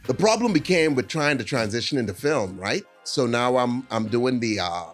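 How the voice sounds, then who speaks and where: A man sits in as a podcast guest and tells his stories in a loose, rambling way. He keeps checking in with his listeners, and soft music plays faintly underneath. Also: mid-range voice, animated, normal speed. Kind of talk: casual storytelling chat.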